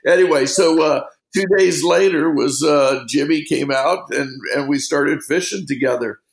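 A middle-aged man with a gravelly edge, spinning loose fishing stories in a relaxed interview. He wanders through his anecdotes, peppering them with "you know", and the room around him rings with echo. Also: on the high side, normal speed. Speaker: fishing guide. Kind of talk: casual storytelling interview.

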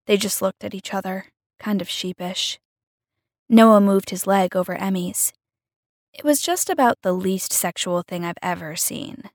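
A woman tells a first-person story in a casual, wry, conversational way. Her voice has a gravelly fry to it at a middle pitch. The recording is close and dry. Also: normal speed, no echo. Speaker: narrator.

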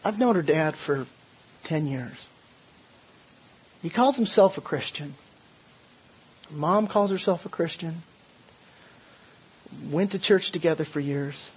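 An older man preaching a sermon as pastor, earnest, with stumbling restarts, building to forceful emphasis. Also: on the high side, animated, slow pace, pauses often, husky.

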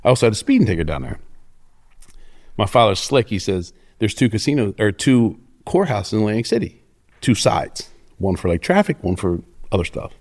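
Speaking briskly in a lowish register, this middle-aged interview guest spins casual stories. His delivery is animated, foul-mouthed, and full of swagger.

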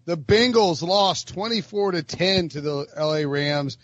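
A man's voice: on the high side, dull audio. A man co-hosting a podcast, joking around and reading off game stats. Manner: joking, reads stats in a quick list. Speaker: podcast co-host. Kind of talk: casual sports chat.

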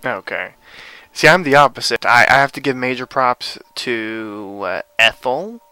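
A man's voice: mid-range voice, expressive, a little slow, sharp tone, smooth, no room sound, low-quality recording. A man hosting a casual podcast chat, teasing his co-hosts and prompting them along. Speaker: podcast host.

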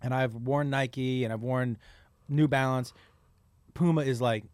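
A man's voice: mid-range voice, fairly even intonation, measured pace, darkish tone, smooth, dry recording, clean studio sound. A comedian guest chatting casually, rambling and often stopping to restart his sentences. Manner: rambling, self-interrupting. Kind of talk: casual conversation.

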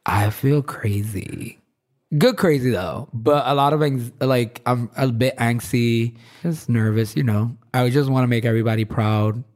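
A man talking freely as an interview guest, his voice sitting at an ordinary middle pitch. He fills his stories with "like" and slips into other people's voices when he quotes them. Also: unhurried, darkish tone. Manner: chatty, leans on "like", acts out quoted voices. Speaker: fashion designer, guest. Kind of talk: casual interview chat.

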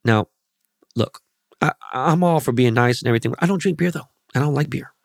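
A man's voice: medium pitch, brisk, gravelly, no room sound, clean studio sound. A man hosting a podcast, telling rambling, profanity-laced stories in a loose, casual monologue. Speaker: podcast host.

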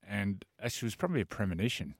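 A fairly low-voiced man reminisces in a relaxed way on a radio show, recalling old stories. The sound is dry and close. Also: racing, gravelly, no room sound. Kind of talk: casual storytelling on radio.

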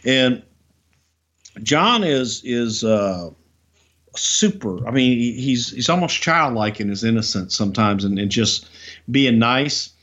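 An older man co-hosting a wrestling podcast, telling a backstage story in a halting, rambling way full of fillers and restarts. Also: mid-range voice, lively intonation, fairly bright tone. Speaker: podcast co-host, former wrestling executive. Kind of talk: casual storytelling chat. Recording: slightly dull lo-fi sound.

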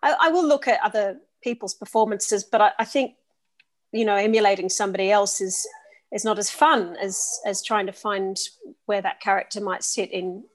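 A woman's voice: medium pitch, moderate pace. A woman from Australia with a mid-range voice, speaking as an interview guest. She is bubbly and chatty, with a self-deprecating, easygoing manner. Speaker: musical theatre actress, guest. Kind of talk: casual interview chat.

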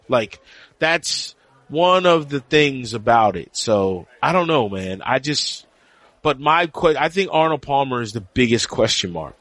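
A man co-hosting a casual golf podcast, talking in animated, teasing bursts. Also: a little high, normal speed, no room sound. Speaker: podcast co-host and golf reporter. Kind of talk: casual sports podcast chat.

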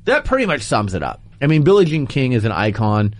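A man hosting a sports talk show, laying out his opinions in an animated, argumentative way. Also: mid-range voice, a little fast, no room sound.

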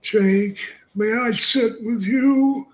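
An older man putting on a high, wailing voice for a self-pitying wrestling manager. It climbs far above his own register and comes out slow and drawn out. The delivery is full of woe. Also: fairly bright tone, a little hiss or hum, exaggerated voice. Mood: mournful.

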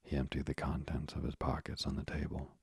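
Very deep-voiced sleep-story narrator, a man. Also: completely flat delivery, brisk, gravelly, breathy edge, no room sound, studio quality.

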